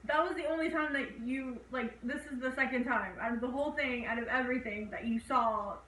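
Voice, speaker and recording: Chatting casually about a horror film she's reviewing as co-host, a young woman retells scenes and performs the characters' lines loudly. Her voice is high, fairly bright, and a little fast. The room is echoey, and she sits somewhat far from the microphone.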